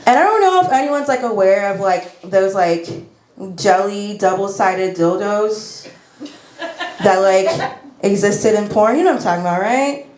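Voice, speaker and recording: A woman's voice: mid-range voice, normal speed, darkish tone, reverberant, slight background noise. Woman doing rambling stand-up. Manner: rambling, self-deprecating, lots of fillers and likes. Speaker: stand-up comedian. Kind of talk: stand-up comedy set. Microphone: lapel mic.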